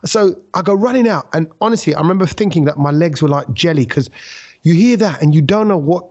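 A man hosting a casual podcast, telling a story with lively acted-out quotes. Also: fairly high pitch, a little fast, muffled recording. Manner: animated storyteller who acts out quotes. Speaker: podcast host.

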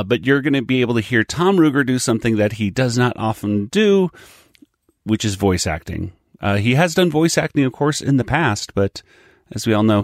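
Low dry podcast host. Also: male voice, dry recording. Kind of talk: casual podcast intro.

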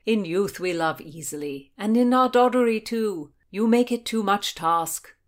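A woman's voice: mid-range voice, expressive, unhurried, pitched above the performer's own voice, lightly acted. A woman voicing an eager, hot-blooded young Elizabethan squire in a storybook reading, with emphatic delivery.

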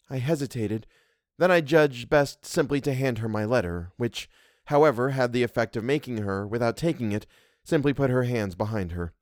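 A man reading a classic ghost story aloud, narrating in a measured and expressive way. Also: medium pitch, no room sound, studio quality. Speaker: reader.

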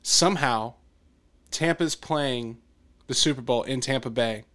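A man's voice: medium pitch, unhurried, a bit bright. Male podcast host, casual and rambling, talking sports. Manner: rambling, trails off and restarts. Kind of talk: casual chat.

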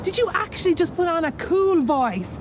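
Sex: man. Figure: a man doing a startled, indignant woman in falsetto. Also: lively intonation, moderate pace, background noise. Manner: incredulous, clipped.

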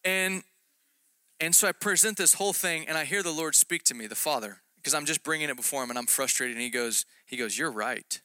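A male preacher gives a relaxed, conversational sermon and pokes fun at himself as he tells his story. His voice is intense and forceful yet smooth and resonant. It is recorded close and dry, with no room sound. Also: fairly high pitch, fairly quick, no room sound. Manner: self-deprecating storytelling with jokes.

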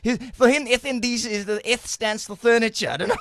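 A man's voice: extremely high pitch, fairly quick, a bit bright, slight background noise. A man voicing a cheeky male ventriloquist puppet, cracking jokes in a radio interview and laughing at his own lines. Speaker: comedian guest. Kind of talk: comedic radio interview banter.

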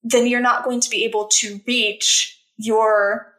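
Woman, podcast guest, candid storytelling, earnest, emphatic, higher voice, echoey room. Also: little pitch movement, slow, a bit bright. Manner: earnest and emphatic, rising sharply when reliving anger. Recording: roomy echo.

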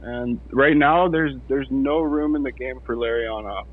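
A man's voice: medium pitch, unhurried. Man on a tinny phone line. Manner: hesitant, repeats words. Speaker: guest. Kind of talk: casual chat.

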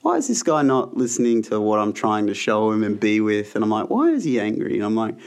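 A man's voice: on the low side, lively intonation, a little fast, clear, resonant tone. A man, a yoga teacher speaking as an interview guest, frank and laid-back as he tells stories. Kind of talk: casual interview chat.

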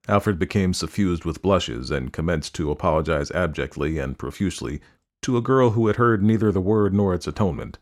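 A man narrating a story aloud, reading in a measured, descriptive way. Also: low-pitched, animated.

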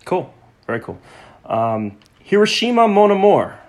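A man's voice: high voice, big pitch swings, unhurried. Rambling male podcast host. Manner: rambling, repeats words, stumbles on foreign names. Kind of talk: casual film chat.

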